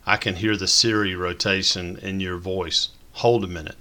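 A man's voice: low voice, fairly even intonation, moderate pace, pushed and bright. A man reading a story, voicing an upbeat, playful wife and mother. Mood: cheerful. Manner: cheerful and teasing.

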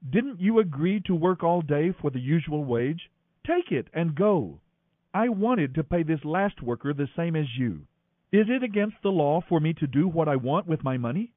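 A man reading a calm vineyard owner. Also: a little high, normal speed, dry recording. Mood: reasoning. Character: fair-minded adult male vineyard owner. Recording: dry, thin phone-like audio.

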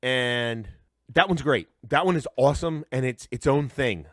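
A man co-hosting a reaction podcast over a headset, excited and rambling with many restarts. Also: medium pitch, normal speed, dry recording, clean studio sound. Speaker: podcast co-host. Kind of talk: casual reaction chat. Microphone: headset on a remote call.

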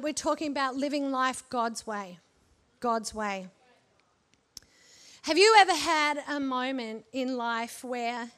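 A woman's voice: high voice, fairly bright tone. A woman preaching a sermon in a conversational way, with humorous asides and rhetorical questions to the congregation.

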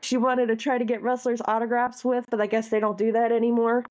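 A woman co-host talking casually with a slightly high voice. She tells stories in an animated, heartfelt way, leaning into the moments that matter to her. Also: fast talker, muffled recording. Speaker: podcast co-host. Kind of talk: casual chat.

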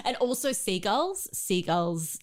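A woman's voice: medium pitch, very animated, slow, crowd noise. An Australian woman co-hosting a podcast in casual chat, laughing often. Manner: chatty, laughs often, drops to a whisper at times. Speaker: podcast co-host.

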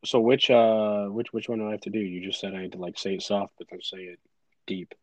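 A man's voice: fairly low pitch, brisk, no echo. Young man riffing absurd jokes. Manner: absurd deadpan jokes, riffs in silly bits. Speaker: podcast co-host. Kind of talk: casual chat.

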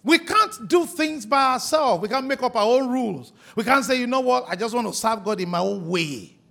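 A man's voice: very high voice, expressive, normal speed, vocal fry. A man preaching a sermon as pastor, hitting key words hard and drawing them out. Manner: emphatic preaching, stretching and shouting key words.

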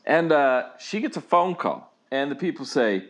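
A man rambles through stories in a casual podcast chat, often restarting and chuckling. His voice sits a little high and swings up and down a lot. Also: very animated, normal speed. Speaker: podcast co-host, father.

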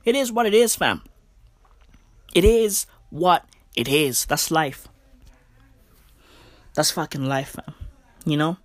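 A man's voice: a little high, animated, slow pace, pauses often, no room sound. A man ranting in a casual, profane, slang-heavy way and checking in with "right?" again and again. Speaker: commentator. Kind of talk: casual rant.

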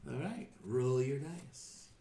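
A man's voice: medium pitch, slow pace, mellow, echoey room. A man running a tabletop game as game master, narrating casually with fillers. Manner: casual, rambling with fillers, laughs often.

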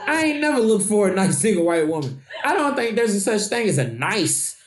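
A woman with a Louisville accent, chatting casually as a podcast co-host, blunt and profane with animated storytelling. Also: mid-range voice, fairly quick. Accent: Louisville, Kentucky. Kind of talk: casual chat.

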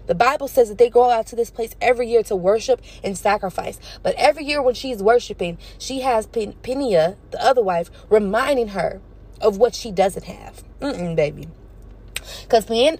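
A woman hosting a Bible study podcast, preaching in a casual, slangy and animated way. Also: medium pitch.

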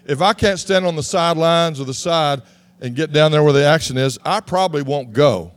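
Man, pastor, sermon, high voice, animated, shouts at peaks. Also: brisk, dry recording. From Texas.

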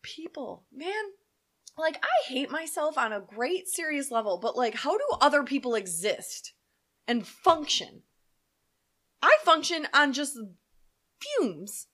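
A woman co-hosting a podcast in casual chat, loud, profane and jokey. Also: high-pitched, sing-song, takes it slowly. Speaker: podcast co-host.

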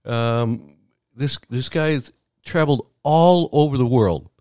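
A man co-hosting a weekend radio show, chatty and excitable, stumbling over his words at times. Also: mid-range voice, slow, no room sound, studio quality. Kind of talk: casual radio chat. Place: small home studio. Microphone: studio mic.

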